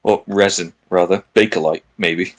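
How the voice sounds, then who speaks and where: A man's voice: low-pitched, fairly even intonation, normal speed, rough recording. A man playing in a tabletop game, chatting casually with dry, joking banter. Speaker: player.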